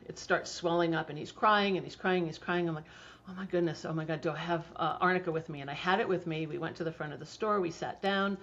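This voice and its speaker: A middle-aged woman with a slightly low voice tells stories in a relaxed, chatty way and uses plenty of fillers. The recording sounds dull and lo-fi. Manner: chatty storytelling, laughs often, frequent fillers. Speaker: homeopathy practitioner, guest. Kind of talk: casual interview talk.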